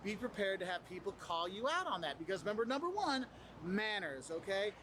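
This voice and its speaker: A man presenting travel tips in casual advice to the camera, animated and acting out what other people say. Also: high voice, brisk, slight background noise. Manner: animated, acts out quoted people.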